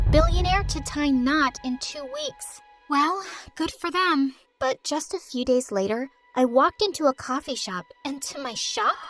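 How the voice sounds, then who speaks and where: High-voiced young woman storyteller. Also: a bit bright. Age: young adult. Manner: emotional, dramatic. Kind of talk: dramatic first-person storybook narration.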